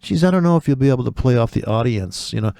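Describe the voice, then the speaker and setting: A man's voice: medium pitch, lively intonation, fast talker, creaky, dark tone, clean tone, no room sound, studio quality. A man hosting a trading video, talking in a rambling, sardonic, profane way, drifting off on tangents and acting out imagined voices. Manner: acts out imagined voices in quotes. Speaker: forex trading video host. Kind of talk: rambling casual monologue.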